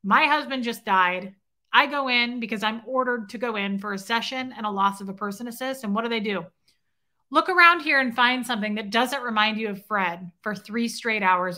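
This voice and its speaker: An outspoken woman tells a story straight to camera in a bright, forceful voice. She talks indignantly, swears casually and keeps asking her viewers "right?" as she rambles along. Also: on the high side. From grew up in Scientology. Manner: rambling, loops back with "okay?" and "right?". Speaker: vlogger telling a personal story.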